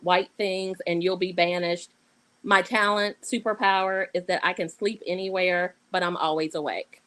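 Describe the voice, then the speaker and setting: A woman's voice: medium pitch, fairly bright tone, rough recording. A woman with a Southern US accent, an anthology co-editor reading a playful piece of her own aloud on a video call, with sassy asides. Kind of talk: online panel reading.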